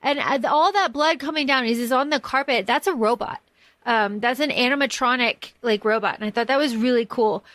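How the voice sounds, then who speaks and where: Woman podcast co-host, high voice, enthusiastic and rambling, dry recording. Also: brisk, fairly bright tone, no echo. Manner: rambling, enthusiastic, swears freely. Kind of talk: casual film discussion.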